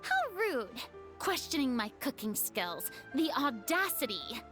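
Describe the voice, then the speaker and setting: A woman's voice: high-pitched, big pitch swings, unhurried, over music. A woman voicing a proud, theatrical young female former goddess in a video game, speaking in a haughty, dramatic manner. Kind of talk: game dialogue.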